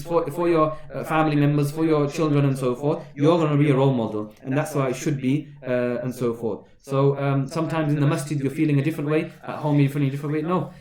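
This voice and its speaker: A man's voice: a little high, reverberant. A man giving a Ramadan sermon as an imam, asking rhetorical questions and repeating phrases for emphasis.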